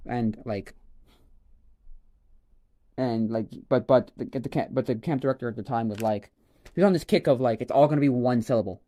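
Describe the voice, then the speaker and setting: A man on a casual livestream, rambling and exclaiming excitedly as he opens trading cards. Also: mid-range voice, normal speed, pauses often. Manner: excitable, rambling, exclaims over each card. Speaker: streamer opening a card pack.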